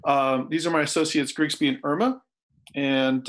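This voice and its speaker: A man's voice: fairly high pitch, fairly even intonation, moderate pace, fairly bright tone. A man playing a tabletop game, speaking hesitantly and politely in character. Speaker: player.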